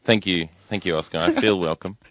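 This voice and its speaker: A deep-voiced man with a New Zealand accent answers in an understated, deadpan way, often dryly literal. The sound is close and dry from a studio microphone. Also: brisk, dry recording. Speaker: guest comedian. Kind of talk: casual interview.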